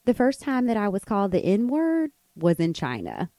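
A woman podcast host from the United States telling a personal story in an animated, conversational way with many fillers. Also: medium pitch, moderate pace, no echo.

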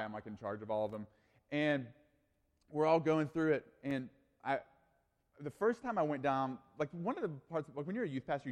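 Animated male youth pastor in echoing hall. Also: mid-range voice. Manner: animated, casual storytelling with frequent fillers. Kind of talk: storytelling sermon.

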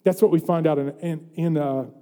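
A man's voice: fairly high pitch, normal speed, dark tone. A man preaching a sermon as pastor, earnest and building to emphatic questions. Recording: long hall reverb.

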